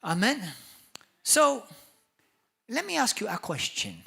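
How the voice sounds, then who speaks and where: Bright-voiced emphatic Maltese pastor. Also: male voice, high voice, wildly swooping pitch, gravelly, husky. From Malta. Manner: emphatic preacher, acts out churchgoers in quick voices. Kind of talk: sermon. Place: church.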